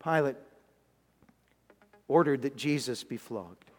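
A man's voice: medium pitch, slow pace, darkish tone, in a large hall, soft background music. A man preaching a sermon, retelling a Bible story with dramatic emphasis and frequent restarts. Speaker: pastor.

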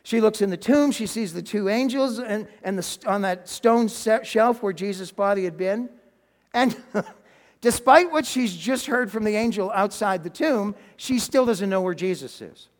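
A man preaching a sermon, telling a story with animated swings and dropping almost to a whisper for emphasis, with a chuckle and some restarts. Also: high voice, moderate pace. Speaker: pastor. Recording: long hall reverb.

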